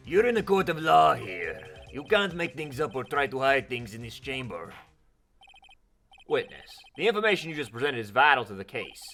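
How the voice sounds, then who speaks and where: A man streaming a courtroom game, reading the lines aloud and commenting, moving from mutters to loud outbursts. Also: medium pitch, normal speed. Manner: animated, switching between mutters and loud outbursts. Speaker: let's play streamer.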